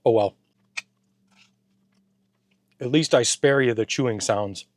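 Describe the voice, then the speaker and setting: A man's voice: mid-range voice, slow, no echo. Man, food taste-test vlog, upbeat, dry close sound. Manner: enthusiastic, talks with his mouth full. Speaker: food reviewer. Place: home garage.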